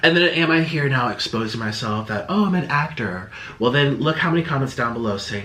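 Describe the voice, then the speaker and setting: A man's voice: medium pitch, lively intonation, a little fast, hardly any pauses, pushed and bright. A young man YouTuber talking casually to camera, rambling and defensive, slipping into sarcastic quoted voices. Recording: echoey room.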